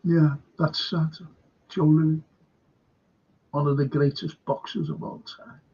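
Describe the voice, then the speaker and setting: A man's voice: a little high, little pitch movement, takes it slowly, gravelly, warm tone, breathy edge. An older man hosting a live stream, rambling through viewer comments in a casual chat and losing his train of thought. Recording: dull lo-fi stream audio.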